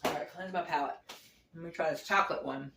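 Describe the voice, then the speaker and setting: A woman's voice: deep voice, quick pace, creaky, noisy background. Chatty lady talking thru a recipe at home, lots of restarts, echoey kitchen. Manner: chatty and rambling, frequent restarts and little laughs. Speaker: home cooking vlogger. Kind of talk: casual kitchen demo chat.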